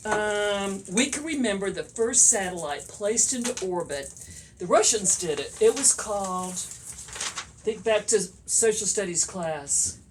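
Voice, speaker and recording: A woman's voice: medium pitch, expressive, unhurried, a little hiss or hum. A woman with an Ohio accent hosting a casual library trivia chat, playful and giggly. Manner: playful, giggly, sings out bell sounds. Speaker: library host.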